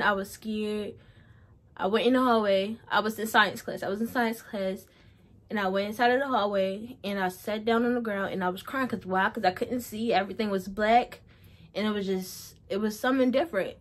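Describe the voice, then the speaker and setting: A young woman recounts a personal story to camera in a loose, casual storytime vlog. She rambles, circles back and repeats phrases as she goes, and her voice sits a little higher than most women's. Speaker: vlogger.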